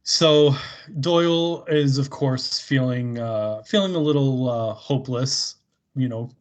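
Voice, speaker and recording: Male podcast co-host, unhurried, rambly, laughs a lot. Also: mid-range voice. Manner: rambling, laughs often, many fillers. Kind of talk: casual chat recapping an episode.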